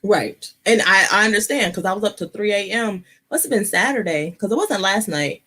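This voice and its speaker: A woman from the United States chatting casually as a co-host, giggly and animated, squealing when excited. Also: medium pitch, fairly quick. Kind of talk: casual chat.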